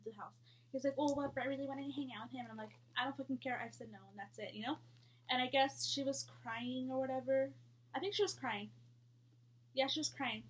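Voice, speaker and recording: A woman's voice: a little high, a little hiss or hum. Blunt, profane woman telling a story. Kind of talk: casual storytime vlog.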